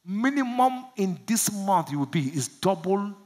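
A pastor from Nigeria preaching a sermon, asking the congregation to finish his lines and swinging from low murmurs to loud shouts. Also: very animated, a little slow. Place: church service.

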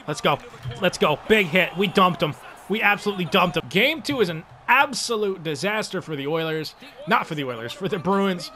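A young man giving live commentary over his own hockey video game, swinging between loud frustrated outbursts and quiet muttering, swearing often. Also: a little high. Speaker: gaming channel host.

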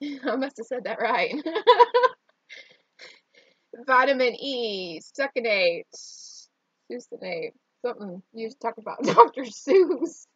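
Slow country-accented woman, laughing at herself. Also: fairly high pitch, expressive, slightly rough, no echo, lo-fi sound. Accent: Southern US country. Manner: stumbles over hard words and laughs at herself. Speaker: co-host reading an ingredient label. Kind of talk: casual chat.

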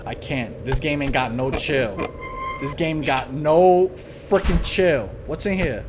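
A man's voice: on the high side, takes it slowly, over music. A young man streaming a horror game, talking in slang, swearing and crying out at every scare. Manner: jumpy, loud outbursts, swearing slang. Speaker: gaming channel host.

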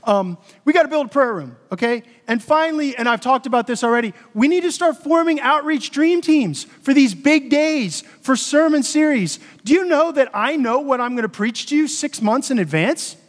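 A man's voice: very high-pitched, lively intonation, normal speed, hardly any pauses. A pastor addressing his congregation at a church meeting, earnest and emotional, often checking in with the room. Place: church sanctuary. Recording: long hall reverb.

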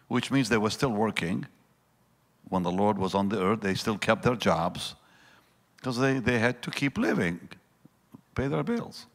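A man preaching a sermon, swinging between loud bursts and hushed lines and acting out the voices in his story. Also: mid-range voice, creaky. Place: large church hall. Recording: long church reverb.

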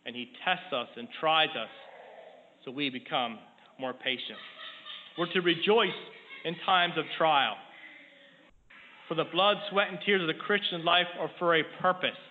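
Middle-aged guy preaching, earnest and steady, tinny sound with long church echo and faint hiss. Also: fairly high pitch. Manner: measured, earnest, reads scripture in raised voice. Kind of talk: sermon. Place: church sanctuary.

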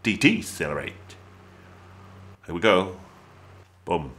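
A man with an English accent narrates a gameplay tutorial over his own playing. His voice sits fairly low but swings widely in pitch. It has a bright, forceful edge, and he drifts into excitable jokes along the way. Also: moderate pace. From England. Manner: chatty, excitable, jokey asides. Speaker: gaming YouTuber.

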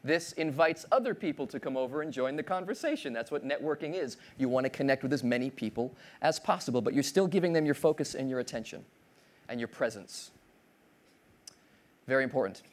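Animated man giving a comic keynote. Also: medium pitch, a little fast. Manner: playful, acts out voices of others. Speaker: keynote speaker. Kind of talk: comedic keynote talk. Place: large conference hall stage.

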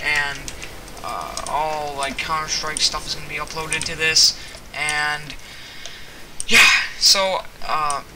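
A man with a high voice gives casual gameplay commentary at his computer and rambles through plenty of ums and likes. His loud mechanical keyboard clatters clearly under every sentence. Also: steady tone, slow, background noise. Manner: rambling, filler-heavy chat while reacting to the game. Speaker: gaming channel host.

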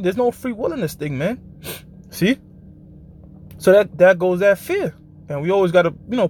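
A man hosting a live show, preaching informally. He is blunt and profane, keeps checking in with his listeners, and slows down to read scripture passages. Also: high-pitched.

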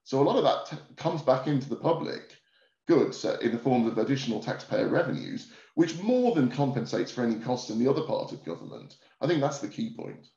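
A man's voice: mid-range voice, big pitch swings, a little fast, vocal fry, dark tone. Assured man on echoey, dull audio. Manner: assured and explanatory. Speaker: panelist. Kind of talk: webinar panel discussion.

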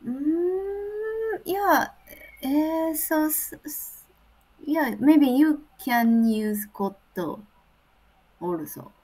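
A woman with a Japanese accent in casual conversation practice, speaking hesitantly with many pauses and fillers. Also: sits high, animated, warm tone. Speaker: Japanese teacher, English learner.

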